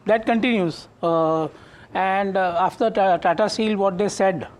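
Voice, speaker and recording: A man's voice: high-pitched, unhurried. An Indian-accented man, a fund manager in a studio TV interview, talking with many fillers and restarts. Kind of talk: live market TV interview.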